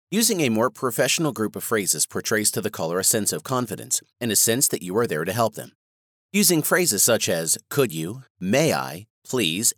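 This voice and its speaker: Male course narrator, lowish, animated delivery, dry booth. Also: dry recording. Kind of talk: scripted instructional narration.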